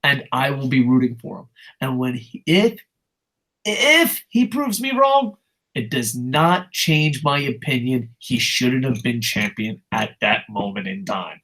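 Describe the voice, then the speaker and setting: This podcast host, an adult with a child, runs a casual wrestling talk show full of impassioned, foul-mouthed ranting. He swears constantly and reads viewer comments, speaking unhurriedly in a medium-pitched, slightly bright voice.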